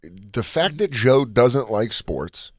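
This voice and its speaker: A man in his thirties vents on a podcast in a profane, heated way. His pitch swings widely as he tells stories. He sounds like a regular co-host. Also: takes it slowly. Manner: profane, heated, animated storytelling. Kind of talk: casual podcast banter.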